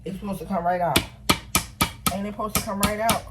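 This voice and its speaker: The recording is very noisy as a middle-aged woman with a Philadelphia accent bakes at home and chats casually to her audience. Her medium-pitched voice is brisk, and she's animated and self-deprecating, addressing viewers as "y'all."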